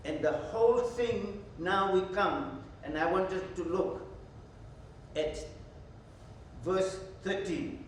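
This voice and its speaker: Slow, high-voiced preacher in an echoey hall. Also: male voice, recorded from a distance, a little hiss or hum. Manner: emphatic, asks and answers his own questions. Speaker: pastor. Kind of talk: Bible study teaching. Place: church hall. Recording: very echoey church hall, from afar.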